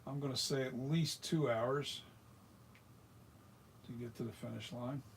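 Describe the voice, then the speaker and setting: A man's voice: mid-range voice, steady tone, a little slow, a little hiss or hum. A man from the United States demonstrating mask making in a workshop, talking casually and rambling with frequent restarts. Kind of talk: hands-on tutorial, casual chat.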